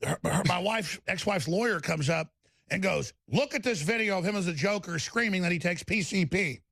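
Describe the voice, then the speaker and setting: Brief: emphatic male host, wildly swinging pitch, dry studio sound. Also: expressive, moderate pace, creaky, a bit bright, dry recording. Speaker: talk show host. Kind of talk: political talk show interview.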